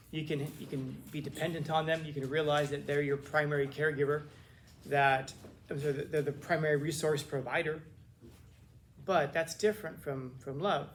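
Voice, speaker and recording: Animated male teacher lecturing a class. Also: a little high, slight background noise. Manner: casual, animated, acts out quotes with frequent restarts.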